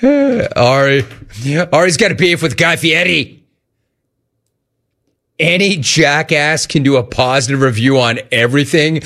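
Male talk radio host, lively pitch, joking, rapid-fire call-in banter. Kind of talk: sports talk radio, taking calls.

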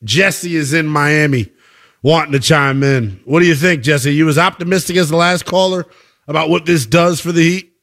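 A man's voice: fairly high pitch, normal speed, fairly bright tone. A man hosting a sports call-in radio show, casual and joking, with plenty of slang.

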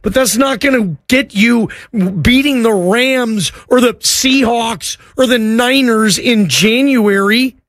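A man's voice: very high-pitched, slow pace, hardly any pauses, fairly bright tone, dry recording, clean studio sound. A man hosting a sports talk show, arguing emphatically and often repeating words. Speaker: sports radio host. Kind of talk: sports talk radio rant.

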